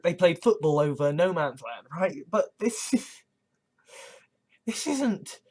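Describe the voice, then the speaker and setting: A vlogger talking in a casual monologue, rambling and halting with many restarts and nervous laughs, earnest and agitated, with some swearing. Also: medium pitch, very animated, darkish tone.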